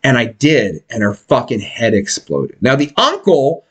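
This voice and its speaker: A man's voice: mid-range voice, a little slow, breathy edge. A man hosting a podcast, telling a rambling, profane story in casual chat and swearing freely. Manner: animated, swearing, puts on voices for people he quotes. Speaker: podcast host.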